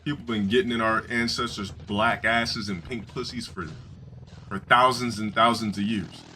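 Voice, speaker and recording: A man's voice: fairly low pitch, fairly even intonation, normal speed, pushed and bright, soft background music. A man streaming live and telling crude, rambling stories to his viewers, swearing and restarting often. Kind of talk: casual profane storytelling to a live audience.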